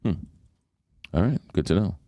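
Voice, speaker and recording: A male radio host chats loosely and rambles, stopping often to search for a name. His pitch swings freely as he talks. The sound is dry and close, straight from a studio mic. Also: mellow, dry recording, dull audio. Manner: rambling, searches for words with many fillers. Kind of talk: casual radio banter.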